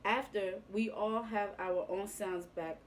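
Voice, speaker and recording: A woman voicing a kindly male farm horse in a storybook read-aloud, gentle and patient. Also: medium pitch, steady tone, slow, a little hiss or hum, close to an everyday voice, low-quality recording.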